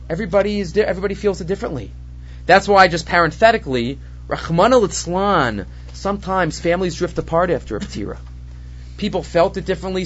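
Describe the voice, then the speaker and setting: A man teaching a Torah class on the weekly portion, mixing Hebrew terms into his English and acting out the voices he quotes. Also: high voice. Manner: expressive, acts out quoted voices. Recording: dull lo-fi recording.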